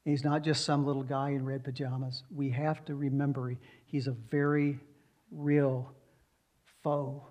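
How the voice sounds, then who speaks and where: A man's voice: mid-range voice, flat delivery, a little slow, darkish tone. A male pastor preaching a sermon and leading a prayer. He speaks emphatically and repeats rhetorical questions to his congregation.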